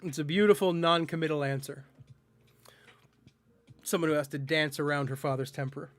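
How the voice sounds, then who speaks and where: A male streamer talking loosely to his chat while he plays, teasing viewers and stumbling over words he can't pronounce. His voice sits a touch high for a man. Faint music runs quietly behind him. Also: fairly even intonation, moderate pace. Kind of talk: casual live-stream chat while gaming.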